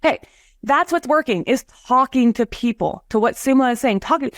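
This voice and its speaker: A woman's voice: high voice, animated, moderate pace, no echo. Real estate lady chatting on a live show, tells stories and acts out what people said, dry sound. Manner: chatty storytelling with laughs and acted-out quotes. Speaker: real estate agent, podcast host. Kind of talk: casual livestream chat.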